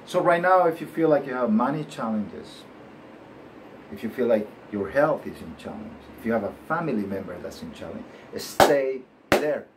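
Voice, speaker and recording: A man's voice: mid-range voice, normal speed, background noise. A man with a bilingual Spanish-English accent, hosting his show and giving a preachy motivational talk that keeps asking "right?" and breaks into laughs. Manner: animated, preachy, laughs often, asks "right?". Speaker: show host.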